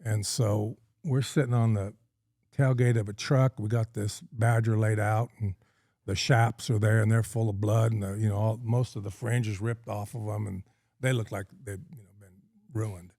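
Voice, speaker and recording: A man's voice: fairly low pitch, steady tone, normal speed, dark tone, no echo, clean studio sound. A middle-aged man from California, a podcast guest telling a long story in a folksy, rambling way with plenty of ums and uhs. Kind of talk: casual storytelling in a podcast interview.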